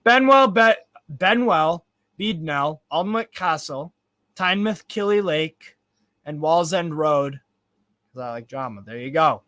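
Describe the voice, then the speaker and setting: A man's voice: fairly high pitch, unhurried, fairly bright tone, dry recording. A young man hosting a live football watchalong, chatting casually and rambling with frequent swearing. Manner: rambling, swears freely, reads out chat. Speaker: football fan livestream host.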